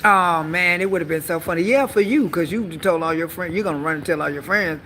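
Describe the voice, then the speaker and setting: Brief: woman, live-stream comic, brassy bright tone with fry, bawdy and sassy. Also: on the low side, fairly quick, hardly any pauses, slight background noise. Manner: sassy, bawdy, calls listeners honey. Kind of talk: stand-up style live-stream monologue.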